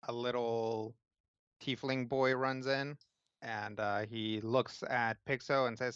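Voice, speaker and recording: A man runs a tabletop game with a bright, crisp voice. His narration is loose and casual, full of fillers and restarts. The audio is dry and a little dull in the highs. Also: little pitch movement, slow, dry recording. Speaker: game master.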